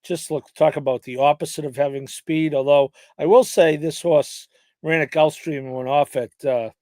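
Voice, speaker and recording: A man in casual podcast chat, weighing his race picks with hesitant pauses and restarts. His voice sits a little high for a man and is recorded dry and close. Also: fairly even intonation, warm tone, no echo. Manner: hesitant, lots of fillers and restarts. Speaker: podcast co-host handicapping horse races.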